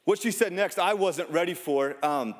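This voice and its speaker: A man in his thirties delivers a sermon in a relaxed, storytelling way, often poking fun at himself. His voice sits a little higher than most men's. The sound carries the long echo of a large church sanctuary. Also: moderate pace. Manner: conversational storytelling with self-deprecating humor. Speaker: pastor. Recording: long reverb of a large hall.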